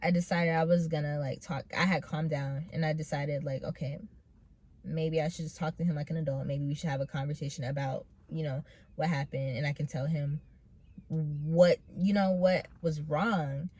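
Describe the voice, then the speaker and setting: A young woman in her late teens speaks in a low voice into her camera mic, telling her own story. She talks haltingly, with pauses and fillers, and sounds earnest and close to tears. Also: steady tone, a little mellow. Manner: hesitant, full of pauses and "like" fillers. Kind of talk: personal storytelling.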